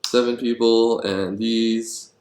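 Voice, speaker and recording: A man designing board games and thinking aloud, rambling and getting excited about his ideas, with many ums. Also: mid-range voice, takes it slowly. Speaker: board game designer vlogger. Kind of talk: thinking aloud while brainstorming. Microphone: handheld camera. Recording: echoey room.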